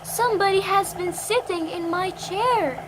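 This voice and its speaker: A woman voicing a quiet, gentle mother bear from a storybook, over engine noise. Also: very high voice, measured pace, pitched above the performer's own voice. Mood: puzzled.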